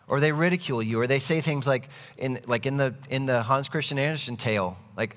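A man's voice: medium pitch, fast, hardly any pauses, a bit bright, long reverb tail. A man preaching a sermon, earnest and conversational, telling stories as he goes. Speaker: pastor.

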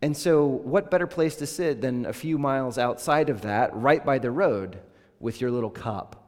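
A man's voice: mid-range voice, normal speed, darkish tone. A man preaching a sermon as pastor, talking conversationally and voicing the scripture quotes with rising intensity. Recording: long reverb of a large hall.

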